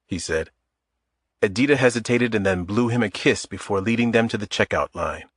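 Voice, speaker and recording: A man narrating a thriller audiobook in a measured, steady way. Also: on the low side, breathy edge, no echo, studio quality.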